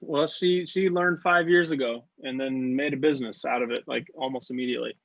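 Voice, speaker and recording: A man's voice: medium pitch, fairly even intonation, gravelly, a bit bright, dry recording, highs cut off. Encouraging man leading a video call. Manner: encouraging, offers connections, quick restarts. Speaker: class leader. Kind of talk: casual video-call class discussion.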